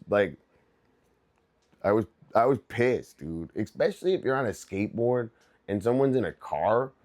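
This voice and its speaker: A young man chatting casually on a livestream as he works on his art, telling rambling stories full of swearing and loose asides. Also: lowish voice. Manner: rambling, profane, loose storytelling. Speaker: artist livestreaming.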